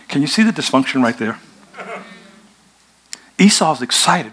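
A male pastor preaching a sermon, retelling a story in a conversational, animated way. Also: medium pitch, measured pace, long pauses, husky.

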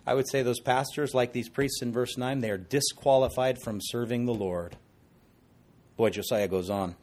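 A middle-aged man preaching an expository sermon as pastor, conversational and animated, with jokey asides. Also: mid-range voice, normal speed.

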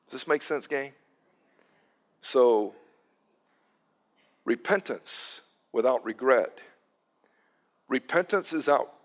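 A man delivers a sermon in a relaxed, storytelling way. His voice swings from bright and emphatic to quiet and soft as he speaks. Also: mid-range voice. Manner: conversational storytelling, moves from loud and animated to hushed and soft. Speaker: pastor.

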